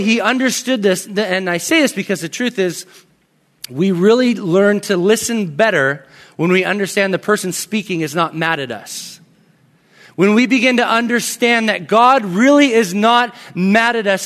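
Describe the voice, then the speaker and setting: Male pastor, thirties, high voice, conversational preacher who goes soft and hushed in anecdotes. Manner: conversational storytelling, drops to soft near-whispers in anecdotes. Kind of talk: sermon.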